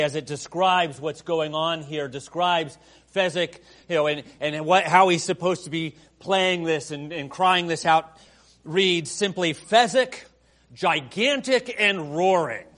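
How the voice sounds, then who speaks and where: Pastor, male, high voice, unhurried delivery; dramatic sermon with soft prayerful passages and loud emphatic peaks.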